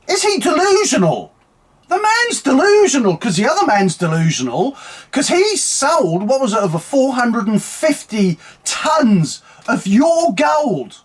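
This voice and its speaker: Man, husky, slightly high voice, sweary, mocking political rant. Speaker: online commentary host.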